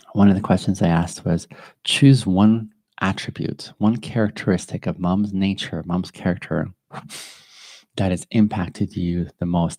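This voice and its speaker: Man, very low voice, earnest halting podcast host, emotional, dry close sound. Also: mellow, dry recording. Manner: earnest, halting, with frequent restarts and pauses. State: emotional, near tears. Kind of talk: reflective personal monologue.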